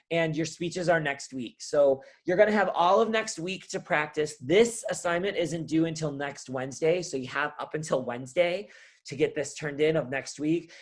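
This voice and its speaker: Chatty man teaching a speech class. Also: on the high side. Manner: relaxed, chatty, checks in with "right?". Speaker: college speech instructor. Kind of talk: recorded course walkthrough.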